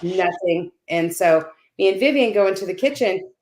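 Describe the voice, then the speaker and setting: A woman's voice: on the low side, animated, normal speed, a little mellow. A middle-aged woman telling a personal story in casual conversation on a video call, often checking in with "right?" and "you know". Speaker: guest on a panel talk. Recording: roomy echo.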